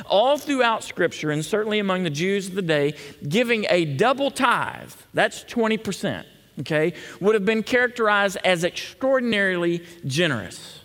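A pastor preaching a conversational sermon in a church, often checking in with the congregation. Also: male voice, high-pitched, sing-song, normal speed, fairly bright tone. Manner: conversational, frequent "okay?" check-ins. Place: church sanctuary. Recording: long hall reverb.

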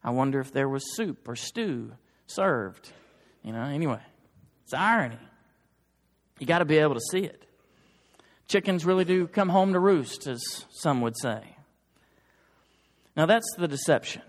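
A man preaching a sermon to his church in an earnest, emphatic way that builds to forceful exhortation. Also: a little high, animated, normal speed, pauses often, big-room sound. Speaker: pastor. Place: church sanctuary.

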